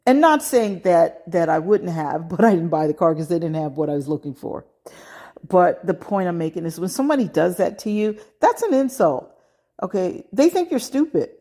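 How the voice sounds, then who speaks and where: A woman's voice: lowish voice, a little mellow. Middle-aged American woman host, casual advice monologue, emphatic delivery with "okay" asides. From United States. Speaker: podcast host.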